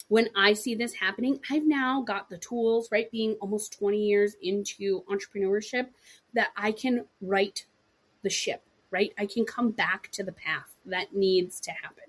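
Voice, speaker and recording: A woman's voice: medium pitch, measured pace. A woman in her thirties hosting a solo podcast, talking listeners through business advice and acting out small quoted dialogues. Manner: animated, acts out little quoted dialogues; frequent throat clearing, "right?" and "okay" asides. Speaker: podcast host. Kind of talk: solo podcast coaching talk.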